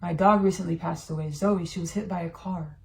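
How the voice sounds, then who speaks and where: A woman hosting a podcast, giving a channeled spiritual monologue and sharing personal thoughts in a slow, drawn-out, meditative way. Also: fairly low pitch, fairly even intonation, gravelly. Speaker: podcast host.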